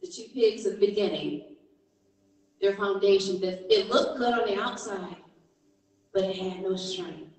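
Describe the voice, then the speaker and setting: A woman preacher telling a story within a sermon, animated and emphatic. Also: mid-range voice, a little slow, long pauses. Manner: animated, emphatic, rising to exhortation. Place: church. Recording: echoey church hall from far off.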